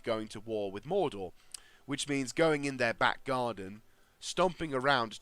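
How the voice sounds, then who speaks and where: A man's voice: mid-range voice, fairly bright tone, no echo. A man casually commentating a strategy game, thinking aloud with lots of fillers and restarts. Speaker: gaming video creator.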